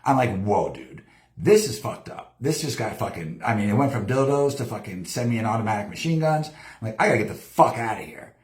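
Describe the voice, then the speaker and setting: On his own live show from a home studio, a man rambles through a profane story, swearing constantly and acting out other people's lines with lively energy. His lowish voice moves fairly quickly and swings widely in pitch, and the roomy sound carries a clear echo.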